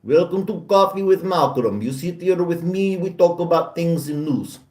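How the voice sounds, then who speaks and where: A man's voice: fairly high pitch, moderate pace, darkish tone, distant mic, pitched above the performer's own voice, close to an everyday voice. Man putting on a thick russian accent, hammy host, roomy sound. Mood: hamming.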